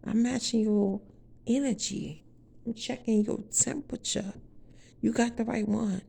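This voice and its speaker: Slow, gravelly-voiced woman preaching to viewers. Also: a little high, steady tone, warm tone. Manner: profane, preachy and emphatic. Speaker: vlogger giving a spiritual testimony. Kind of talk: casual spoken testimony to viewers.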